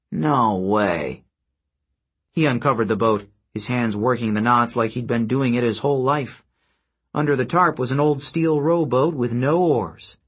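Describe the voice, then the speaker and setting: A man reads an audiobook in a steady, scripted storytelling manner. His voice is husky and mid-pitched. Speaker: audiobook narrator. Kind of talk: scripted narration.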